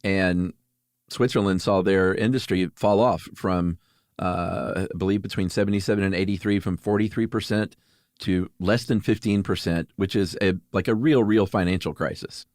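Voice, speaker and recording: Deep-voiced easygoing male podcast host. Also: steady tone, moderate pace, darkish tone, no echo, clean studio sound. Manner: easygoing, chuckling, fillers. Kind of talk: casual chat.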